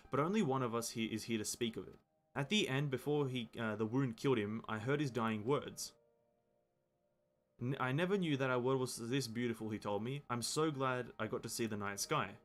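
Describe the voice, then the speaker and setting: A young soldier mourns a fallen friend, in plain game dialogue. A man reads him aloud without doing a voice, mid-pitched over soft music. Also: animated, a little fast, natural voice. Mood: mournful.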